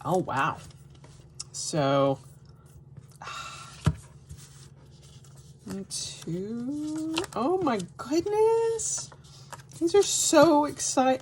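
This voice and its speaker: A woman vlogger unboxing mail in a casual chat, gushing and excitable with frequent gasps and exclamations. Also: mid-range voice, a little hiss or hum. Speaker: crafting vlogger.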